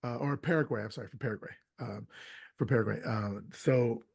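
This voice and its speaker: A man's voice: medium pitch, creaky, a little mellow, husky, no echo, clean studio sound. Casual man retelling a movie plot. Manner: retells plot with quick acted quotes. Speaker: podcast host. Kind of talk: casual movie recap chat.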